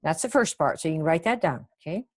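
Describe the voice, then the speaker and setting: Chatty woman coaching, lowish voice. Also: lively intonation, fast, a little mellow. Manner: chatty, coaching, reacts to chat, acts out sample phone lines. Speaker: sales coach. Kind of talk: live webinar teaching.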